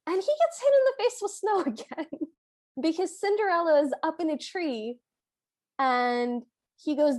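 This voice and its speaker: Woman, high voice, podcast co-host, casual plot recap, quotes dialogue. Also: lively intonation, moderate pace, darkish tone. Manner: retells the plot step by step, quoting lines. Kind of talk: casual film recap chat.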